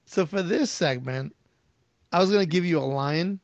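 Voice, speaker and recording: A man's voice: on the high side, moderate pace, dry recording. A man chatting casually on a podcast, rambling with lots of fillers and restarts as he asks the questions. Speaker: guest asking questions. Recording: dull, lo-fi, dry.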